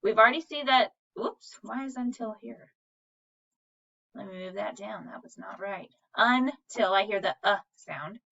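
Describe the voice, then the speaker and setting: A woman teaches a reading lesson at a slow, careful pace, sounding out each word syllable by syllable. Her voice is bright and clear. The recording is a little dull and distant from the mic. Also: medium pitch. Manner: patient, sounds out words syllable by syllable.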